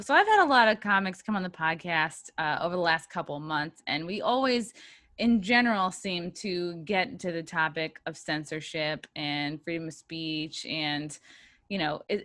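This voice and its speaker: A woman's voice: lowish voice, fairly bright tone, dry recording. Chatty woman podcast host, dry sound. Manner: chatty and upbeat, jokey asides. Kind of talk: casual podcast chat with ad reads.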